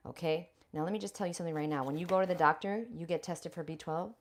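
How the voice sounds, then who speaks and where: A woman's voice: lowish voice, fast, slight background noise. A woman vlogger chatting bluntly and profanely with viewers while preparing food in her home kitchen. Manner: chatty, addresses viewers directly. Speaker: raw vegan lifestyle vlogger. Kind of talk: casual livestream chat while cooking.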